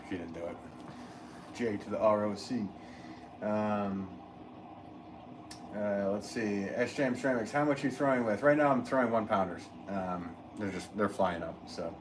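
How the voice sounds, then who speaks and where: A middle-aged man chatting casually during a pottery livestream, rambling and reading out viewer comments with many fillers and restarts. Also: on the low side. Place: pottery studio. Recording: steady noise in the background.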